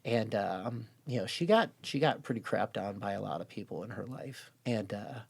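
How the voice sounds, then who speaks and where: A man, a podcast guest, telling a personal story in an earnest, hushed way. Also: lowish voice, moderate pace, vocal fry, breathy edge. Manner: earnest, hushed storytelling with lively quoted voices. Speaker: podcast guest, gym owner.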